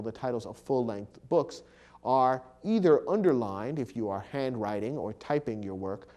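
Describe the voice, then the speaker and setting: A man explaining a grammar lesson in a measured, patient way, with occasional fillers. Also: mid-range voice, dark tone. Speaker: English teacher.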